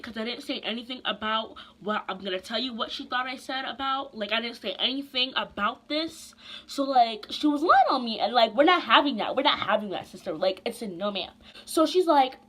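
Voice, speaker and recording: A young woman vlogger tells a casual storytime in a bright, crisp voice that sits a little high. She talks in a chatty, animated way, full of slang and quick asides.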